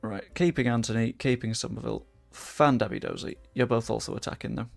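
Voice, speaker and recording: A young man provides casual commentary on a game livestream at his desk mic, swearing freely and reacting loudly to every moment. His middle-pitched voice has a rough, gravelly edge and runs a little fast, with faint music in the background.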